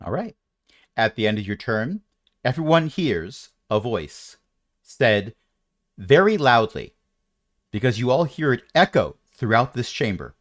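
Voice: medium pitch, very animated, unhurried, long pauses, dry recording. A game master narrating a tabletop game with a dry, joking delivery.

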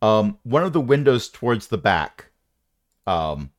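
A man's voice: fairly low pitch, big pitch swings, a little slow, dry recording, studio quality. Playful man narrating as game master. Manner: playful, rambling descriptions with asides.

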